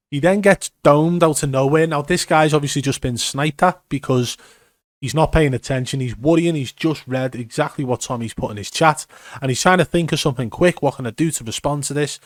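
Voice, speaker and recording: A man's voice: on the high side, no room sound, studio quality. A man giving an emphatic, step-by-step commentary on gameplay footage. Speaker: gaming commentator. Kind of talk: video breakdown commentary.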